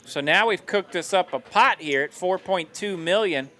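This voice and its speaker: A man's voice: sits high, normal speed, sharp tone. A man calling live poker play-by-play in an upbeat manner, laughing easily. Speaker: poker commentator.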